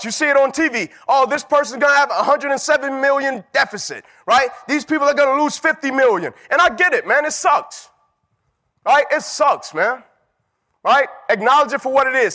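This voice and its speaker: A man delivers a motivational keynote in a strikingly high voice. His tone is bright and forceful, and he drives points home through emphatic repetition like a preacher. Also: brisk. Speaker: motivational speaker. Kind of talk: keynote speech.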